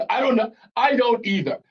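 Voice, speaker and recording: High-voiced, chatty talk radio host. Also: male voice, husky, muffled recording. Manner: chatty, laughs often, banters with callers. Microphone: studio broadcast mic.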